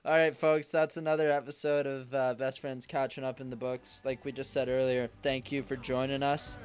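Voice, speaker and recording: A man's voice: mid-range voice, level tone, moderate pace, smooth, faint music behind. A young man co-hosting a podcast, enthusiastic and thankful, saying "like" a lot. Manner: enthusiastic, says "like" often. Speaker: podcast co-host. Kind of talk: casual chat.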